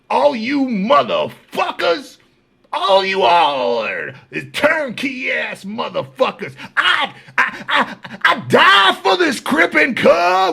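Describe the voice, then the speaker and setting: A man voicing an unhinged, boastful male gang inmate who shouts drawn-out threats. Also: extremely high pitch, gravelly, pitched above the performer's own voice, heavily acted.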